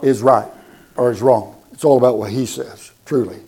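A man's voice: mid-range voice, steady tone, normal speed, warm tone, breathy edge. A man preaching a sermon, emphatic and repeating words for stress, asking the congregation questions.

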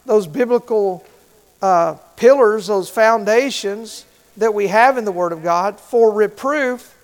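A man's voice: high voice, measured pace. A middle-aged man preaching a sermon as pastor, who asks the congregation questions and repeats key phrases.

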